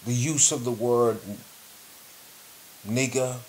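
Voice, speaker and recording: A man in the middle of the usual pitch range speaks very slowly and deliberately, with long pauses. A faint hiss sits under his voice. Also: fairly even intonation, a little mellow. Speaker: video commentator. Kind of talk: slow spoken commentary.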